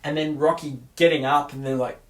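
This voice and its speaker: In an echoey room, a man co-hosting a casual movie review show animatedly retells scenes, restarting often. His voice is on the high side and brisk, with fairly even intonation.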